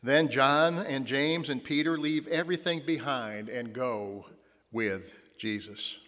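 A man preaching a sermon as pastor, telling stories and slowing down to stress key lines. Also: medium pitch, fairly bright tone. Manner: storytelling, slows for emphasis. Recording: long church reverb.

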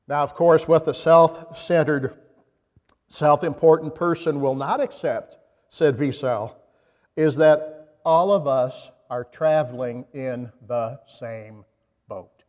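A man delivers a sermon in a somewhat high voice, telling stories at a reflective pace. He pauses often and restarts phrases. His words ring out with a long reverb, as in a church sanctuary. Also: a little mellow. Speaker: preacher.

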